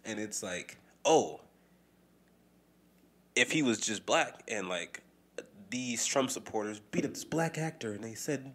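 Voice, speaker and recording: A man's voice: mid-range voice, unhurried. A man co-hosting a podcast in casual, profane chat. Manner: animated, profane, mimics voices when quoting people. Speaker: podcast co-host.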